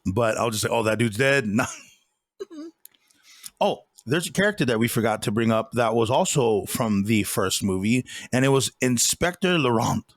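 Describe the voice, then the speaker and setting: A man's voice: mid-range voice, lively intonation, normal speed, dry recording, clean studio sound. Laughing, rambling man retelling movie scenes. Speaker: podcast co-host. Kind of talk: casual movie review chat.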